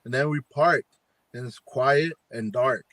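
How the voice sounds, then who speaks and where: In an unhurried, medium-pitched voice with a bit of brightness, a man who investigates the paranormal tells a ghost story during a casual live video chat. He meanders, acting out people's words amid plenty of fillers. No echo is present.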